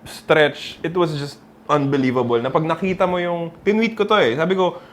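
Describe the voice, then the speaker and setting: A man with a Filipino accent co-hosting a casual basketball talk show, expressive and switching between English and Tagalog. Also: on the high side, fairly quick, a little hiss or hum. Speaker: podcast co-host.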